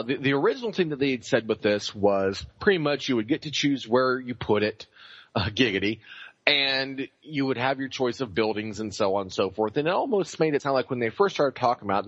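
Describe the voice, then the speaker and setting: A man co-hosting a casual gaming podcast, talking at an everyday pitch. He rambles through his points with plenty of fillers and the odd swear word. The sound is dull and lo-fi, recorded close and dry. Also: a bit bright, no echo. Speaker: podcast co-host.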